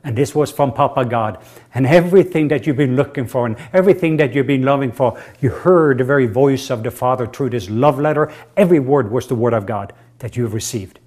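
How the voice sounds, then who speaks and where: Man leading a soft, repetitive sermon prayer. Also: mid-range voice, fairly quick. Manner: leads the audience in repeated call-and-response affirmations; prays softly and tenderly, sometimes near a whisper. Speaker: pastor.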